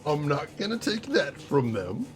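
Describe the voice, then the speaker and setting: A man giving chatty, animated commentary while playing a video game, laughing often. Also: fairly high pitch, measured pace, soft background music. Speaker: gaming streamer. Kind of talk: casual let's-play commentary.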